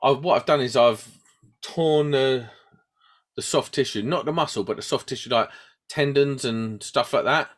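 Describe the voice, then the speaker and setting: A man's voice: medium pitch, moderate pace. A man, telling a story on a podcast he co-hosts and laughing at himself. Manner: animated, acts out quoted voices, laughs at himself. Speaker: podcast host. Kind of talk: casual storytelling chat.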